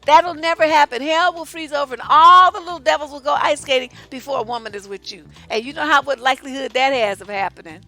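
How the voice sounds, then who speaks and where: A woman's voice: high-pitched, quick pace, few pauses, soft background music. A woman relationship coach, giving blunt, profane, sassy advice while answering viewer questions on a live stream. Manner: profane, sassy, animated storytelling.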